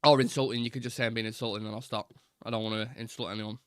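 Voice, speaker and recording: Chatty football show host. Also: male voice, fairly low pitch, level tone, racing, a bit bright, clear, resonant tone, no echo. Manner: chatty, frank, hesitant with fillers. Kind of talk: live fan show chat.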